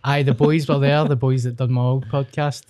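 A man's voice: medium pitch, little pitch movement, moderate pace, a little mellow, no echo, studio quality. A Scottish man hosting a podcast, chatting in a laid-back, sweary way. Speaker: podcast host and comedian. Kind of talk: casual chat.

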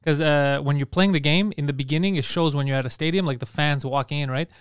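Fast-talking, laughing podcast co-host man. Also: fairly high pitch, clear, resonant tone, no room sound, studio quality. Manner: animated storytelling, laughs often. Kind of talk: casual podcast chat.

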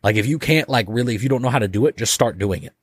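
A man's voice: medium pitch, racing, breathy edge, no room sound, studio quality. A man as a podcast guest talking casually and loosely, filling his sentences with "like", swearing offhandedly and acting out little dialogues. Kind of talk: casual conversation.

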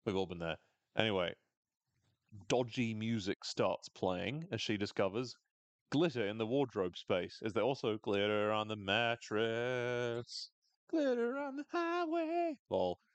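A man casually recapping a TV episode on a podcast, animated, sweary and wry. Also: fairly low pitch, measured pace, no echo.

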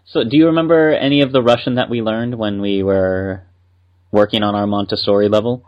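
A man's voice: lowish voice, steady tone, brisk, muffled recording. A man co-hosting a casual podcast, upbeat and explaining at length. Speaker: podcast co-host.

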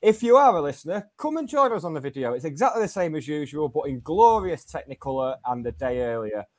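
A man's voice: on the high side, very animated, fast. A man co-hosting a casual fan podcast, wry and joking. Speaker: co-host.

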